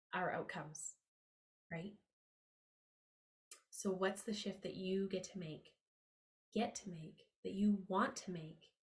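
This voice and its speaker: A podcast host delivers a motivational monologue on money mindset, speaking directly to her listeners in an average female pitch. She sounds upbeat, earnest and confiding, with her pitch leaping upward on key words whenever she hammers a point home.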